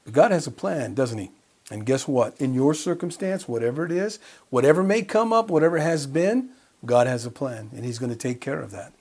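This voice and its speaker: A man with a husky, breathy voice leads a Bible study sermon in a conversational way. He chuckles often and throws questions out to the people listening, at an ordinary mid pitch. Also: expressive, a little fast, darkish tone. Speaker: preacher.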